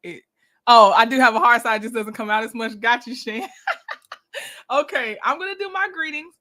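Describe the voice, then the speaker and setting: A woman's voice: fairly high pitch, moderate pace, sharp tone. A woman hosting a casual livestream, chatting and laughing often as she greets her viewers one by one by name. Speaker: livestream host.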